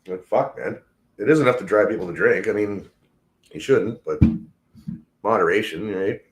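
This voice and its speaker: Man, very low voice, casual livestream host, rambling, heavy cursing. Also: normal speed. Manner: rambling and heavily profane. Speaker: tradesman.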